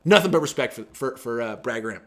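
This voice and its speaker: A man in his thirties hosting a casual sports talk show, animated and acting out quotes in swinging voices. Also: medium pitch, quick pace.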